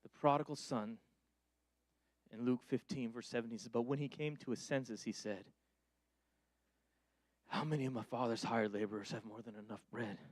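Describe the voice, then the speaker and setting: A male pastor preaching a sermon, moving between loud, urgent calls and quiet, low-voiced pleading, with casual asides to the congregation. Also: steady tone, normal speed, pauses often, no echo.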